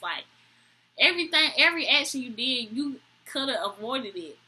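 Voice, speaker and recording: A young woman, talking straight to camera in a storytime vlog. Her voice is husky and very bright, pitched a little high. She tells it with animated exasperation, jumping up high to mimic people. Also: moderate pace, low-quality recording. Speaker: vlogger.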